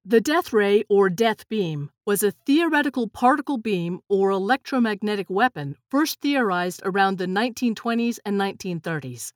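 A woman narrating a children's storybook in a steady, clear reading voice. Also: mid-range voice, normal speed, hardly any pauses, dry recording, studio quality. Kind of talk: children's storybook read-aloud.

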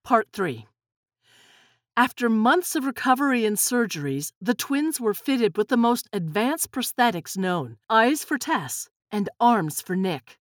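A woman reading a storybook aloud in an expressive, unhurried way. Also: fairly high pitch, dry recording, studio quality. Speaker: narrator.

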